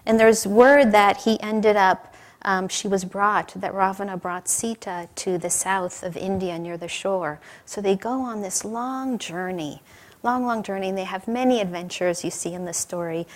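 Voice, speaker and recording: A woman's voice: medium pitch, normal speed. A woman giving a sermon, telling stories in a conversational way with light laughter and questions to the audience. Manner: warm storytelling with light laughter. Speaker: spiritual teacher. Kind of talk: sermon with storytelling.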